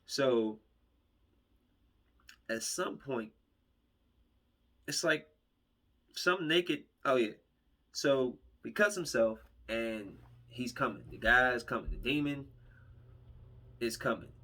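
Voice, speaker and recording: Man, husky voice, mid-range pitch, casual podcast movie review, rambling plot retelling, acts out quotes. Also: slow, pauses often, bright, forceful tone. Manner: rambling, acts out characters' lines while retelling.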